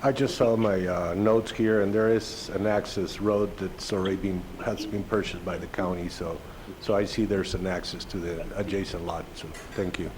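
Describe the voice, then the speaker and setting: A commissioner at a public meeting asks his questions hesitantly, with many pauses. His voice is lowish and mellow, with a faint room ambience behind it. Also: fairly even intonation, slight background noise, low-quality recording.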